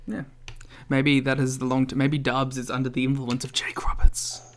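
A man's voice: mid-range voice, flat delivery, moderate pace, fairly bright tone. A man co-hosting a podcast in casual chat, making dry, wry remarks. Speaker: podcast co-host.

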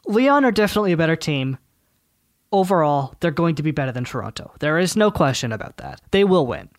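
A man co-hosts a casual sports podcast, his voice sitting a little high. He talks in loose, chatty runs full of fillers and side remarks. The sound is close and dry. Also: sing-song, fast talker, no echo. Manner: chatty, thinks aloud with fillers and asides. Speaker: podcast co-host.

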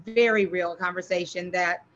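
A woman's voice: lowish voice, steady tone, normal speed, fairly bright tone. A woman co-hosting a podcast, talking candidly with a friend and acting out quoted lines with animation. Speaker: podcast co-host. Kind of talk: candid conversation between friends. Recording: dull, lo-fi sound.

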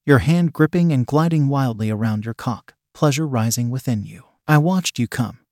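In a slow, even, intimate delivery, a man with an ordinary mid-range voice reads a scripted erotic story. The recording is dry and close-miked, without any room echo.

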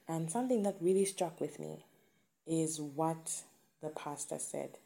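Low gravelly woman, earnest talk. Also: measured pace, dark tone. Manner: earnest, emphatic, repeats key phrases. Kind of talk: personal motivational talk.

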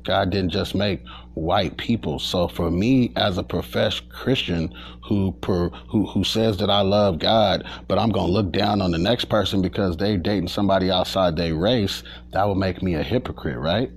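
A man's voice: deep voice, a little hiss or hum. A man in a voicemail to a podcast, making his point emphatically. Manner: emphatic, preachy. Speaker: caller.

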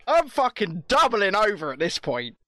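A British man telling a story in casual, animated chat, swearing often. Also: high voice, normal speed, no room sound, clean studio sound. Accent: British English.

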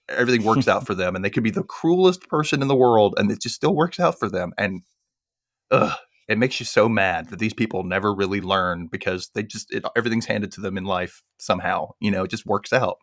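A man hosting a casual podcast, chattily retelling a movie plot in a rambling, animated way. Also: fairly low pitch, no room sound, clean studio sound. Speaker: podcast host.

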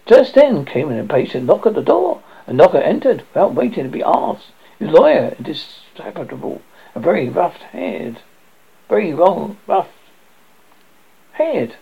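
A man narrating a ghost story aloud in a halting way, often stumbling over words. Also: a little high, very animated, vocal fry, husky. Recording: dull lo-fi recording.

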